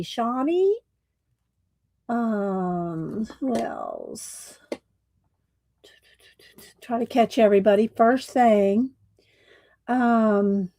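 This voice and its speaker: Slow-talking woman streamer, slightly croaky. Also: fairly high pitch, mellow, dry recording. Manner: slow, chatty, laughs often, Southern "y'all". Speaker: livestream host. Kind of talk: casual livestream chat greeting viewers.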